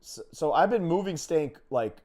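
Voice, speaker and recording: A man roasting his co-hosts on a podcast, swearing freely and stumbling over his words when he gets going. His voice is a touch high and rises and falls a lot. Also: expressive, moderate pace, darkish tone. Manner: teasing, profane, stammering restarts. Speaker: podcast co-host. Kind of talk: casual crude banter.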